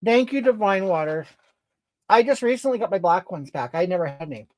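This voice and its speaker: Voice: medium pitch, expressive, fairly quick, a little mellow, natural voice. A performer voicing a crude, entitled, brash woman, scolding and indignant, rambling at chat in an improvised comedy stream. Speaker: comedy livestreamer reading comments in character.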